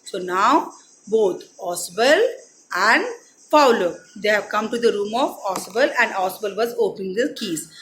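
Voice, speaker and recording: A woman's voice: medium pitch, animated, measured pace, fairly bright tone, a little hiss or hum, rough recording. A young woman teaching a class, reading a story and retelling it in simple words. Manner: explains word meanings, retells each passage in simple words. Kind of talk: reading and explaining a textbook story.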